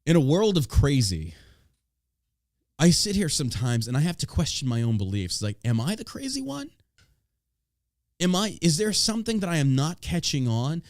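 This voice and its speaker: A man hosting a podcast rants in a profane, mocking way. His fairly high voice leaps all over the place, recorded close and dry on a studio mic. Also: very animated, normal speed, pauses often, no room sound. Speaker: podcast host. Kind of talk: casual ranting chat.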